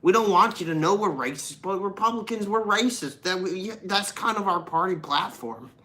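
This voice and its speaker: A man voicing a whiny, crying male Republican caricature in a high, sobbing voice whose accent keeps shifting, mocking and exaggerated. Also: lively intonation, moderate pace, bright, forceful tone.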